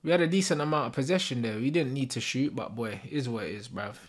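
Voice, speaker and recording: A young man giving a live, sweary football watch-along, shouting at players and the referee in street slang. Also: mid-range voice, quick pace. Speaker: football fan streamer.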